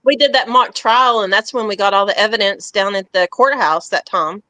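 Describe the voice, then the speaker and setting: A woman's voice: mid-range voice, normal speed, sharp tone, no echo, rough recording. Woman chiming in, dry close sound. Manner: short interjections, storytelling. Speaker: paranormal investigator. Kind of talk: casual group chat.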